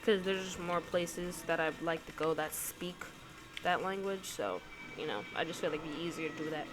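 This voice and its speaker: This woman vlogger has a low-sitting voice and talks at normal speed. She reads out questions and chats her way through the answers, hesitant and meandering, dropping lots of ums and likes, with music in the background.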